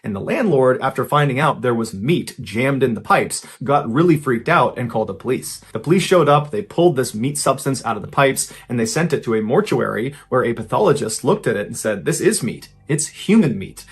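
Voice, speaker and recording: A man's voice: mid-range voice, animated, a little fast, few pauses, husky. A man narrating a true crime story in a conversational way with dramatic pacing, as a podcast storyteller.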